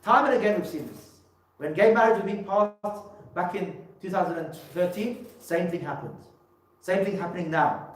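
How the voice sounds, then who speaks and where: Male speaker, emphatic public talk, higher voice, distant mic, heavy hall echo. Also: moderate pace. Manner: emphatic, with many repeated words and restarts. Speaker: religious scholar giving a talk. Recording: echoey hall, mic from far off.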